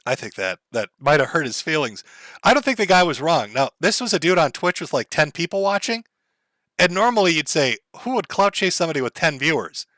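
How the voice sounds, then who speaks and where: A man with a high, bright voice mocks a clip as he streams, swearing freely and cracking up. He sounds close and dry on the mic. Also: big pitch swings, a little fast, no echo. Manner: sarcastic, profane, laughing often. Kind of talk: casual mocking commentary.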